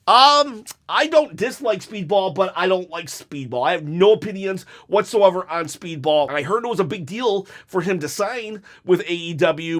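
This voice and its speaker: A man's voice: high-pitched, fairly bright tone. A man hosting a casual show, reading out viewer comments and answering them in a rambling, self-correcting way with frequent laughs. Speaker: host reading viewer hot takes. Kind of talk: casual chat.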